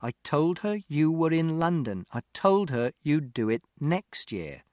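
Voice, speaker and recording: A man reading an audiobook voices a stressed, tired mother who speaks slowly and swings between hushed and raised words. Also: a little high, big pitch swings, no room sound, studio quality. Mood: strained, weary.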